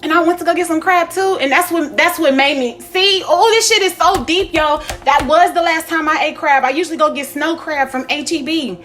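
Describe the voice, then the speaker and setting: A young woman, talking to her viewers in a casual, profane spiritual vlog, animated and laughing often. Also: high voice, brisk, few pauses. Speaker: spiritual vlogger.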